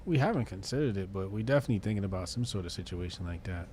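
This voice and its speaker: A man co-hosting a podcast in casual chat, wry and drawling, trailing off quietly. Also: sits low, expressive, very fast, a little hiss or hum. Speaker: podcast co-host.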